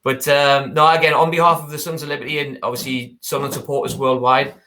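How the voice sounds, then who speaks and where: A man hosting a supporters' club video chat in a friendly, chatty way, a little halting, with fillers. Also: medium pitch, flat delivery, pushed and bright, a little hiss or hum. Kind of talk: casual interview chat.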